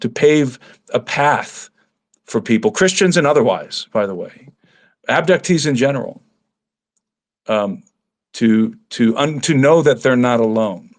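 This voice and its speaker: Earnest man, halting storyteller. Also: medium pitch, animated. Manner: earnest, halting, many restarts. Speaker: guest researcher. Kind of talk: casual storytelling.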